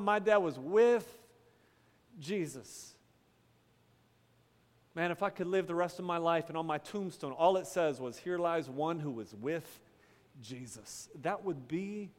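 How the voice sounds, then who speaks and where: Man, pastor preaching, slow deliberate delivery, dramatic pauses, loud-to-hushed swings, echoing church hall. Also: high-pitched. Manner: casual storytelling with quick asides. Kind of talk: sermon. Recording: long hall reverb.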